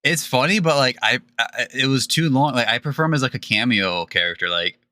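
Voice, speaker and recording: A man's voice: medium pitch, brisk, dry recording, studio quality. A young man co-hosting a podcast, chatting casually with stammering restarts. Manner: stammering restarts, relaxed enthusiasm. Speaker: podcast co-host. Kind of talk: casual chat.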